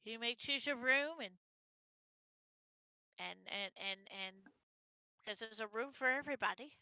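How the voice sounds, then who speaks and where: A woman's voice: a little high, unhurried, bright, forceful tone, smooth, no room sound, heavily acted. A woman voicing a gracious manor owner who politely welcomes guests into his home. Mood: welcoming. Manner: polite and accommodating.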